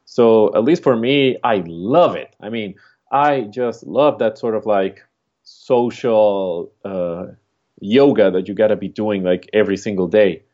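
A man's voice: fairly low pitch, unhurried, dark tone. A man from Chile with a Chilean Spanish accent, co-hosting a casual chat, reflective and rambling with lots of fillers. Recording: dull lo-fi recording.

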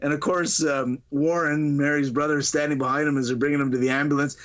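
Podcast guy retelling a comedy scene, laughing a lot, doing the voices, kinda high. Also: fast, highs cut off. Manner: animated, laughs often, acts out lines in voices. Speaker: podcast co-host. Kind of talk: casual chat, retelling a movie scene.

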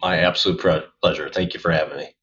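A man's voice: low-pitched, fairly even intonation, fast talker, fairly bright tone, dull audio. A man being interviewed on a podcast, talking casually and thoughtfully, often restarting phrases as he explains. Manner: thoughtful, restarts phrases, upbeat about the future. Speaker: podcast guest.

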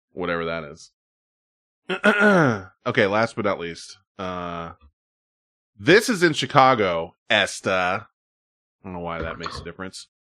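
A man chatting casually as a podcast host, his voice bright and lively, rising and falling freely. He laughs often and talks in a loose, profane way. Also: lowish voice. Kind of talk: casual chat about viral videos.

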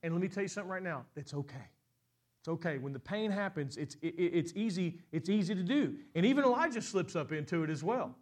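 A middle-aged pastor, preaching from the pulpit. His voice sits high for a man. He climbs into loud, ringing peaks and then drops back to quiet, and he stumbles and repeats words when he speeds up. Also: animated. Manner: repeats and restarts words when speaking fast. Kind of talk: sermon.

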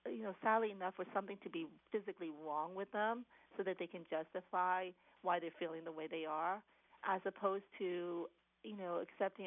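Woman doctor guest, low gravelly voice, earnest with restarts, over a tinny phone line. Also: dry recording. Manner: earnest, many restarts and "you know". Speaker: cardiologist guest. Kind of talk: interview answers.

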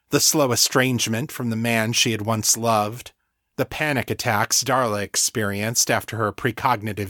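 Steady male audiobook narrator. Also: medium pitch, no room sound, studio quality.

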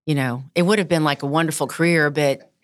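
A woman's voice: low-pitched, fairly even intonation, quick pace, no echo, clean studio sound. A woman hosting a podcast interview, chatting casually and encouraging her guest with frequent agreement. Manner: warm, encouraging, lots of backchannel. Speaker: podcast host.

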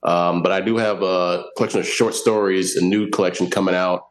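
A man's voice: low voice, steady tone, brisk, rough recording. A male comedian guest on a podcast, chatting in a laid-back way with hesitant ums. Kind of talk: casual chat.

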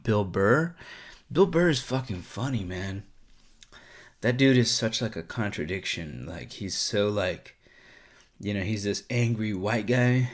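A man hosting a casual solo podcast, rambling and swearing a lot, with plenty of "like" and "um". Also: fairly low pitch. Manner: profane, rambling, lots of "like" and "um". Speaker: podcast host.

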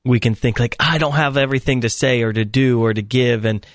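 A man hosting a faith radio show speaks to listeners in a conversational, encouraging way, leaning on fillers like "like" and "right?". His pitch is in the middle range. The recording is dry, from a close studio mic. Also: fairly quick, dry recording.

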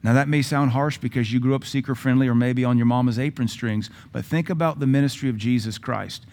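A pastor preaching a sermon with a Southern American accent, blunt and sarcastic, acting out quotes. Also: male voice, medium pitch, steady tone, fairly quick, a little mellow.

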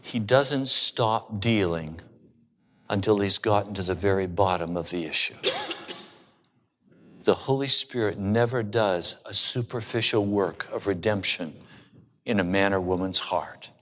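A man's voice: lowish voice, measured pace, a bit bright, in a large hall. A male pastor preaching a sermon and telling stories with humor. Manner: storytelling with humor.

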